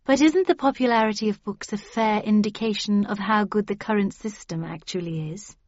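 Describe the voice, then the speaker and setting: A kindly, well-mannered lady in an audiobook questions a point with gentle courtesy, read by a woman narrator. The sound is dry and a little dull. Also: medium pitch, moderate pace, no room sound, natural voice. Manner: kind, courteous. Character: kindly polite aristocratic lady.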